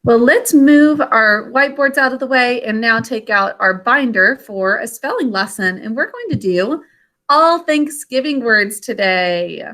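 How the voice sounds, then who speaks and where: A woman's voice: a little high, animated, bright, forceful tone. A woman teacher on a video call, giving a classroom lesson and carefully sounding out words and their parts. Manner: slow, carefully enunciated phonics instruction.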